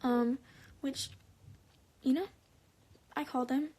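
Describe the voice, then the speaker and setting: A woman telling a personal story on a live stream, rambling with lots of "like" and restarts, sometimes dropping to a soft whisper. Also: sits high, steady tone, takes it slowly, husky. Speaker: livestreamer.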